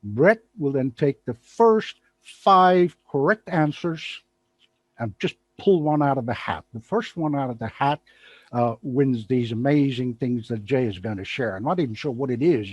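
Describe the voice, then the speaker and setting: Giggly, lively husky-voiced man host. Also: mid-range voice, normal speed, poor audio. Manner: giggly, rambling, playful. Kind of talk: casual live show chat.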